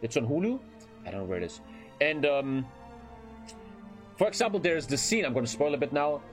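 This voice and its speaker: A young man streams a strategy game and talks loosely to his viewers, rambling and swearing with lots of filler phrases. His fairly high voice is very animated and brisk, with faint music behind him.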